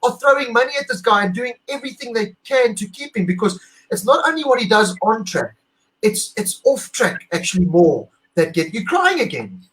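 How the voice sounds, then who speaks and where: Excitable high-voiced man gushing. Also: normal speed, poor audio. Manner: emotional, animated, gushing. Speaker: podcast co-host. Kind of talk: excited casual chat.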